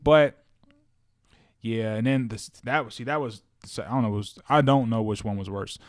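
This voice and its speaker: Slangy, animated male podcast co-host. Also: mid-range voice, normal speed. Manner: animated, slangy, repeats words and restarts often. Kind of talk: casual chat about movies and shows.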